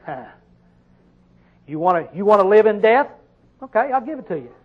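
A man preaching a sermon, reading scripture slowly and drawn out, often questioning his listeners, with sudden loud emphatic bursts. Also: high-pitched, very animated, phone-quality sound.

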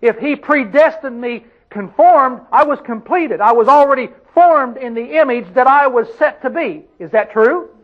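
A man's voice: extremely high pitch, moderate pace, hardly any pauses, dull audio. A man preaching a sermon, emphatic, putting questions to his congregation and answering them himself.

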